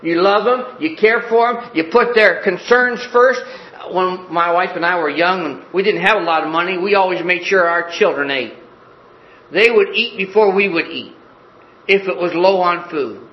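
A man's voice: sits high, moderate pace, roomy sound, highs cut off. A man in his sixties preaching a sermon, an earnest pastor who tells stories vividly. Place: church sanctuary.

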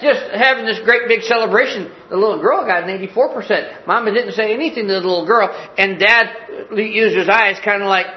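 A man's voice: sits high, fairly quick, hardly any pauses, pushed and bright, echoey room, rough recording. A man in his sixties preaching a sermon, an earnest pastor who tells stories vividly. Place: church sanctuary.

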